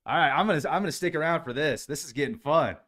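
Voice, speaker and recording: A man hosts a podcast livestream, chatting casually, reading viewer comments from the live chat aloud and addressing people by name. He's a fast talker whose voice is on the high side and a bit bright.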